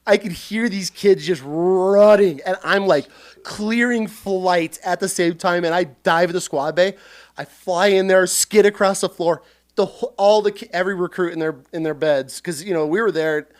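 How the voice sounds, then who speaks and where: A man hosting a casual podcast, telling lively stories and swearing freely as he acts out shouted quotes. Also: sits high, moderate pace. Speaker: podcast host. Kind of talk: casual storytelling chat.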